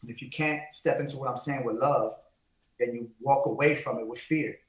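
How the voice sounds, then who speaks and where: A man's voice: medium pitch, fairly even intonation, normal speed. A man from the Bronx, co-hosting a candid podcast and speaking in an impassioned, preachy way. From the Bronx, New York. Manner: impassioned, preachy, mixes in Spanish phrases. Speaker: co-host. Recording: roomy echo.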